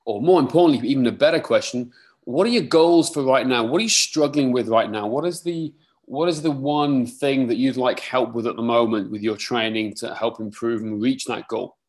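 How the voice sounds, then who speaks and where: A man's voice: mid-range voice, normal speed, a little mellow. Upbeat Welsh-tinged British man. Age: 30s. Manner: upbeat, chatty, reading out viewer comments. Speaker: webinar host. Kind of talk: live webinar chat.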